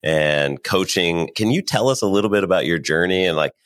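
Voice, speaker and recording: A man hosting a podcast who asks his guest questions in a relaxed, loose way with plenty of filler words. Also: low voice, fairly quick, no echo, clean studio sound. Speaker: podcast host. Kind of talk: casual interview questions.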